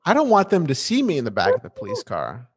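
A man's voice: sits high, fast talker, husky. A man co-hosting a podcast, recapping a TV episode in a playful, casual way. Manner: animated and playful, with restarts. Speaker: podcast co-host.

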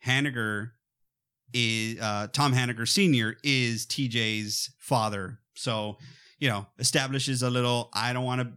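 A man in a casual podcast chat about a movie, rambling and animated, often slipping into quick mock voices. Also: medium pitch, smooth. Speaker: podcast co-host.

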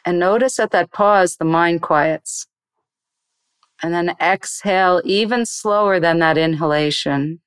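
A woman meditation teacher explaining meditation in an interview and then slowly guiding a breathing exercise in a soothing voice. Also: lowish voice, smooth, no room sound.

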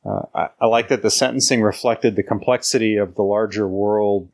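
A man co-hosting a book discussion podcast, talking in a slow, halting way with many fillers, then reading a passage. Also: on the low side, fairly even intonation, creaky, darkish tone, soft background music. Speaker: book club podcast co-host. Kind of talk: casual chat, reading a quote aloud.

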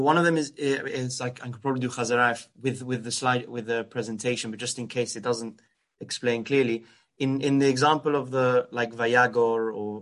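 A man, a student in an online class, asking a question in a halting, hesitant way. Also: medium pitch, a bit bright.

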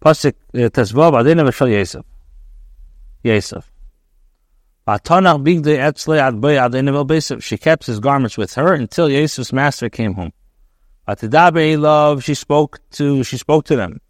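A man teaching as a rabbi, reading Hebrew verses aloud and translating each phrase into English with frequent pauses and restarts. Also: medium pitch, dry recording, clean studio sound. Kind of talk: reading and translating scripture line by line.

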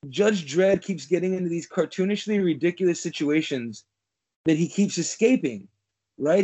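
A man with a fairly high voice co-hosts a movie podcast in loose, casual chat. His talk rambles, is full of "like", and he swears often. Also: warm tone. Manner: rambling, heavy filler "like", frequent swearing. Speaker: podcast co-host.

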